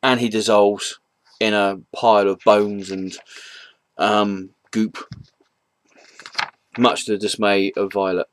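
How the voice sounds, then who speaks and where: Low-voiced man rambling through a comic review. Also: flat delivery, slow, pauses often, a little hiss or hum. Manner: rambling, hesitant retelling with frequent ums; chuckles at the jokes he retells. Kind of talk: casual spoken review.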